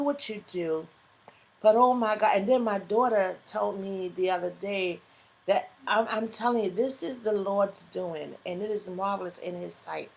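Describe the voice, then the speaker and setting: A middle-aged woman hosting her own live online show, talking in an emotional, fervent way that builds into preacher-like exhortation. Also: medium pitch. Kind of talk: live stream talk, preacher-like testimony.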